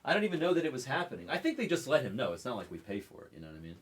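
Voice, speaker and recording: A man hosting a live card break, telling a story in an animated, profane rant. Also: mid-range voice, very fast, slightly rough.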